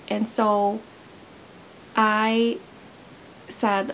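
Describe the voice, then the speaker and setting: This beauty vlogger is a young woman talking her way through a makeup tutorial near the camera, drifting into stories as she works. Her medium-pitched voice is gravelly and fairly flat, slow, with long pauses. The rough recording has a little hiss or hum.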